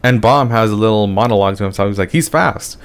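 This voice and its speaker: A man with a slightly low voice is reviewing a webcomic chapter in a casual, rambling rant. He sounds exasperated and swears freely. He keeps ending his sentences with "man" and "dude.". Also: fairly even intonation, very fast, smooth. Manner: exasperated, profane, ranting.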